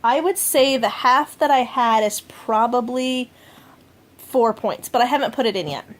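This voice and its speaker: Logging her day's meals for a vlog, a woman talks casually at home in a fairly high voice, a little slow. Her speech rambles with fillers and self-corrections.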